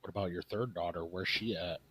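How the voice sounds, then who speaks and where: Low-voiced man playing a tabletop game. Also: steady tone, brisk, fairly bright tone, slightly rough, rough recording. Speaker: player. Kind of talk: casual tabletop play.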